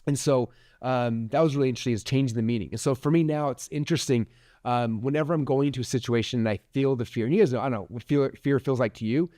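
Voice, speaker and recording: A man's voice: medium pitch, fast talker, dark tone, no room sound, clean studio sound. A man in his forties hosting a podcast, giving a rambling motivational talk full of likes and restarts. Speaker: podcast host.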